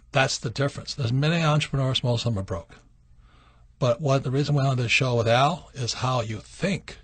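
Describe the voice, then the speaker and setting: Husky guy on a radio show telling stories, dry close sound. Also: medium pitch, no echo. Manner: storytelling, animated when acting out quotes. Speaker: radio show host answering questions. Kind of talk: casual radio chat.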